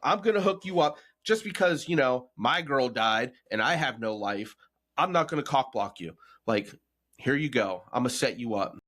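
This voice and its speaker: A man co-hosting a podcast in casual chat, talking bluntly with mocking, animated rants. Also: mid-range voice, moderate pace. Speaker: podcast co-host.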